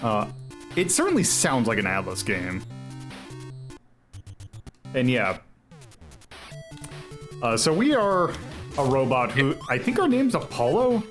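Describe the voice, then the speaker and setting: Faint music plays behind a man with a mid-range voice who speaks slowly with long pauses, yet stays very animated. He's a streamer ranking retro games, rambling loosely, catching and fixing his own words, chuckling as he goes.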